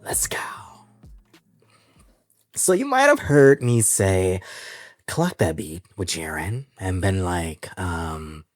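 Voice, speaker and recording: A man hosting his own music podcast in a casual, animated, chatty way, laughing often and using easy slang. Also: low voice, takes it slowly, long pauses, dry recording, clean studio sound. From San Francisco Bay Area. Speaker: podcast host. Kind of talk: casual solo podcast chat.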